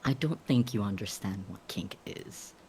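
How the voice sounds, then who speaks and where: A man's voice: fairly low pitch, expressive, moderate pace, darkish tone, a little hiss or hum, natural voice. Guy playing smug tough fighter, short cool lines. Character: tough male warrior with battle axe, smug.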